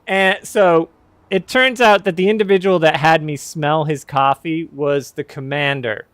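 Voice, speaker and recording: Chatty man, smooth clear voice. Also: a little high, steady tone, measured pace, fairly bright tone, no room sound. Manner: rambling, self-correcting, wry and candid. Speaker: podcast host telling a personal story. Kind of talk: casual storytelling.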